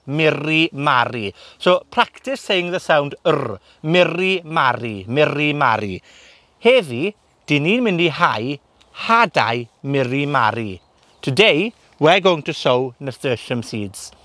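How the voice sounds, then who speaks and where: Welsh male gardener-teacher, middle pitch, patient repeats, close dry sound. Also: fairly bright tone, no room sound. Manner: slow, repeating words for learners. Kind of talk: bilingual outdoor lesson. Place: garden polytunnel.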